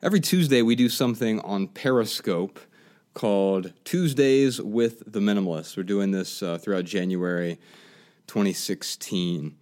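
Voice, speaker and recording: A man co-hosting a podcast, giving advice in a thoughtful, measured, casual way. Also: on the low side, darkish tone, smooth. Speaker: podcast co-host.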